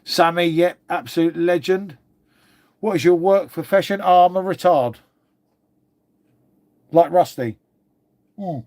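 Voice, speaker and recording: A middle-aged man from England chats through a live stream in a loose, rambling way, swearing freely and calling everyone mate. His voice sits slightly higher than most men's. He talks as if to a crowd of regulars. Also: a little slow, pauses often, darkish tone. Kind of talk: casual live stream chat.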